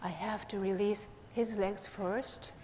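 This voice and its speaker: A woman's voice: medium pitch, steady tone, slow, a little mellow. A woman minister giving a playful children's sermon with a puppet, coaxing the kids with questions. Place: temple hall. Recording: echoey hall, faint hiss.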